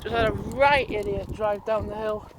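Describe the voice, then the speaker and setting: A man's voice: high-pitched, steady tone, moderate pace, heavy background noise. A man chatting casually in a rambling way as he walks his dogs outdoors for his vlog. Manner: rambling, chatty, thinking aloud. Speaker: vlogger. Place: outdoors on a country road, walking dogs.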